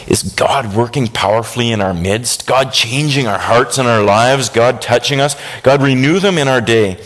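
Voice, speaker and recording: Animated man preaching a sermon. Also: moderate pace. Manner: animated, swings from high excited bursts to low hushed tones.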